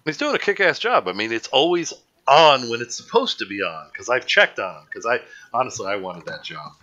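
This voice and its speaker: Bright-voiced rambling male show host. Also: medium pitch, sing-song, a little fast, muffled recording. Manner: rambling, jokey, self-mocking. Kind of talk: casual chat.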